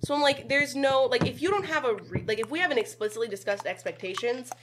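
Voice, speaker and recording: A young woman in casual conversation, animated, laughing often and swearing freely. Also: a little high, fast talker, noisy background. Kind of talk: casual chat.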